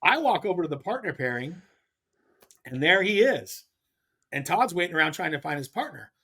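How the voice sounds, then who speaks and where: A man, a guest on a talk show, telling a rambling story with animated, acted-out dialogue. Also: a little high, moderate pace, breathy edge. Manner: animated, acts out quoted dialogue; rambling with restarts. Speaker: podcast guest, pro angler. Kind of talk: casual storytelling.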